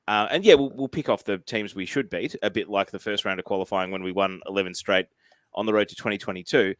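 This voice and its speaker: A man in a casual podcast chat, giving emphatic, animated opinions. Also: on the low side, fast, no room sound. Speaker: podcast co-host.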